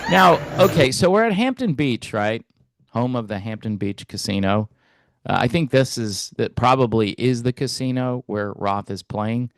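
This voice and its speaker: A man hosting a music commentary channel, talking in a relaxed, hesitant way with wry asides. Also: medium pitch, moderate pace, no echo. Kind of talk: casual reaction commentary.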